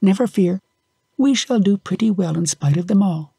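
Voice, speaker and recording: A man's voice: sits high, normal speed, creaky, dark tone, husky, no echo, studio quality, voice pushed up, full character voice. A man voicing a cheerful little female fairy spirit with a coaxing, playful way of speaking. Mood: gentle.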